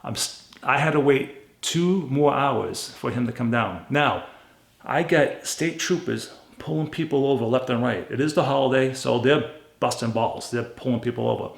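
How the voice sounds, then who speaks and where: A man casually telling a story about buying a car, blunt and animated, acting out the back-and-forth of conversations. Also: mid-range voice, moderate pace, creaky. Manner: blunt, animated retelling with quoted dialogue. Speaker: car flipper vlogger. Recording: roomy echo.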